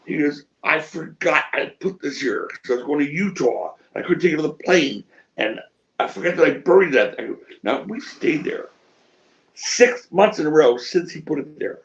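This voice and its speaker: Animated, gravelly middle-aged man telling stories. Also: a little high, normal speed, dull audio. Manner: animated storyteller acting out quotes, swears freely. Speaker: wrestling promoter interviewee. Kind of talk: shoot interview storytelling.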